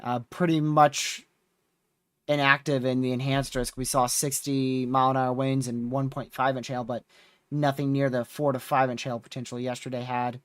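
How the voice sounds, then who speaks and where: A weary storm chaser yawns his way through a weather livestream, loosely recapping the past days with lots of fillers. He talks at a moderate pace in a mid-range voice, and the studio sound is clean with no echo.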